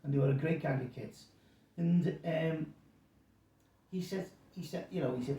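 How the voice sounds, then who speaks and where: A man's voice: a little high, moderate pace, long pauses, dark tone, a little hiss or hum. A man, telling an anecdote in a rambling, self-correcting way and acting out the quotes. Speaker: guest storyteller. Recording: roomy sound, distant mic.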